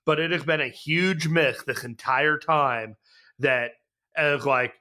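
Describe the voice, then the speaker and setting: A man's voice: fairly high pitch, slow, sharp tone. A man co-hosting a wrestling podcast, musing and imagining scenes aloud in casual chat. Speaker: podcast co-host.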